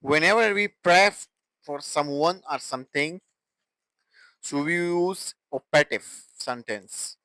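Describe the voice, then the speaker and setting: A man teaching English grammar in a halting way, with restarts and broken phrasing. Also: fairly high pitch, expressive, bright, forceful tone, no room sound, low-quality recording. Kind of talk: classroom grammar explanation.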